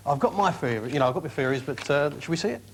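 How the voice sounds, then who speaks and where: A man on a show as the guest, trading jokey, quick banter with the host. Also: on the high side, expressive, slight background noise. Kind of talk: casual chat.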